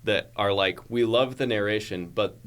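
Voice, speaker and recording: A man's voice: fairly low pitch, normal speed, a bit bright, smooth. A man from California, a guest on a podcast who works as an audiobook narrator, chatting in an easygoing, amused way. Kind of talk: casual chat.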